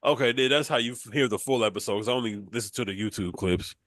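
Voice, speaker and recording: A man co-hosting a casual wrestling podcast, relaxed and laid-back, answering with short reactions and easy slang. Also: mid-range voice, fast, no echo. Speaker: podcast co-host.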